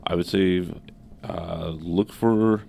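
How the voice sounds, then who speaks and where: A man co-hosting a podcast from an office, giving casual updates in a plain, halting way with fillers. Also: low-pitched, fairly even intonation, creaky, a little mellow. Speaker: podcast co-host. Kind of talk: casual chat.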